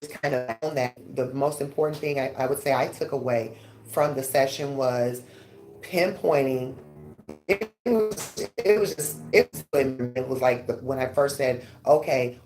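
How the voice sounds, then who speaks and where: Woman radio host, deep voice, animated storyteller, faint music bed. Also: unhurried. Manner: animated storyteller, rising pitch when excited. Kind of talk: casual interview chat.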